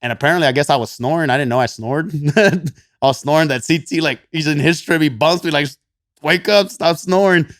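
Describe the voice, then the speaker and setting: A man's voice: fairly high pitch, fast talker, no echo, studio quality. A man with a Texan twang casually telling a story as a podcast guest, laughing often and swearing. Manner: laughs often, swears, quotes himself in animated voices. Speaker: podcast guest, gym coach.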